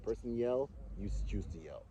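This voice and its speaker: A man's voice: fairly low pitch, expressive, normal speed, warm tone, lo-fi sound. A man co-hosting a podcast, talking earnestly and philosophically in casual chat, repeating phrases for emphasis. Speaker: podcast co-host. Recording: noisy background.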